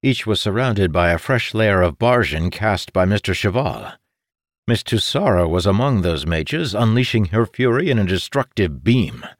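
Low steady guy reading a fantasy audiobook, dry close sound. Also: moderate pace, no room sound. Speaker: audiobook narrator. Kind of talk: scripted fantasy narration.

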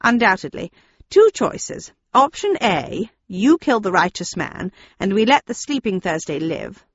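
A woman's voice: mid-range voice, big pitch swings, unhurried, slightly rough, no room sound, dull audio. A woman reading an audiobook, voicing a smug, gleeful villainous man who talks in a sneering, mocking way. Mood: taunting.

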